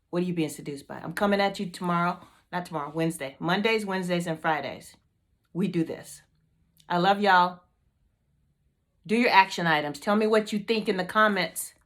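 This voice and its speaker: A woman's voice: mid-range voice, a bit bright. A woman hosting a motivational team meeting video, fired up and emphatic, repeating her questions to the group.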